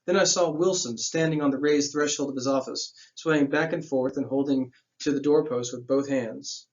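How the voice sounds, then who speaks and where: A man's voice: medium pitch, dull audio. A man reading a novel aloud as a teacher, breaking off for casual asides that explain the plot in plain slang.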